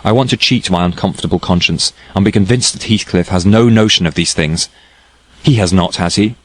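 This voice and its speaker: A headstrong young woman pours out her feelings in a declaiming, impassioned rush, as a man reads her part in an audiobook. The voice sits a touch higher than his own deep, low register. The recording is dry and close, with no room around it. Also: a little fast, fairly bright tone, dry recording, rough recording. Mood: uneasy. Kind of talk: audiobook character reading.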